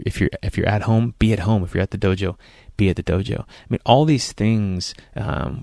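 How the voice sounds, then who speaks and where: A man's voice: fairly low pitch, gravelly, darkish tone, dry recording, clean studio sound. A man hosting a podcast interview, chatty and upbeat, often restarting his sentences. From United States. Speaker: podcast host. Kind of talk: casual interview chat.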